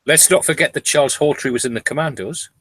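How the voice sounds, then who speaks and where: Bright jokey man in a group chat. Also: on the high side, fast talker, slightly rough. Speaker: participant in online paint and chat.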